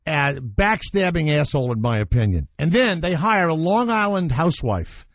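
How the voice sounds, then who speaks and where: A talk radio host with a slightly high voice speaks at a normal pace, the recording muffled and free of room sound. He tells stories in an animated, opinionated, blunt way, swearing now and then during casual chat.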